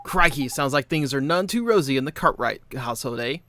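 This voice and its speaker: Mister Drippy, brash fairy. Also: male voice, mid-range voice, animated, brisk, sharp tone. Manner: brash, slangy, teasing. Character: chatty cheeky little male fairy sidekick. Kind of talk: video game voice acting.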